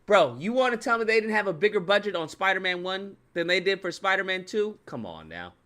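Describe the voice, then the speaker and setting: A man giving ranting video commentary, profane and animated, repeating his points for emphasis. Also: high-pitched, fast. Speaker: YouTube commentator.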